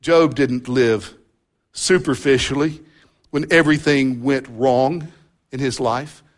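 A man preaching a sermon to his congregation, earnest and drawing out key words with slow emphasis. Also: mid-range voice, fairly even intonation. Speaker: pastor. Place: church service with congregation present.

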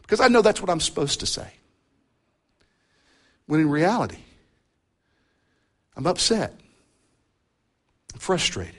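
Pastor guy preaching at church, kinda high-pitched, earnest, slows way down on the big words. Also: sing-song, a bit bright. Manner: earnest, drawing out key words with slow emphasis. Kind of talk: sermon. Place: church service with congregation present.

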